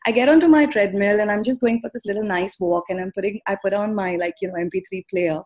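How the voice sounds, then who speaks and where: A woman giving an earnest, animated motivational talk as a guest speaker on a call. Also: medium pitch, a little fast, soft background music.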